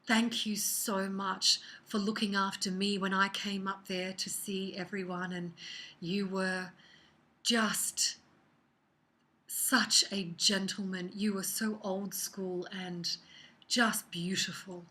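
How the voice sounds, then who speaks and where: A woman runs through her weekly oracle card reading in a loose, conversational way. Her voice is bright and forward, her talk animated and expressive, and she often slips into soft, half-whispered asides. It sounds like a personal chat with the viewer. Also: mid-range voice, slow. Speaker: psychic card reader.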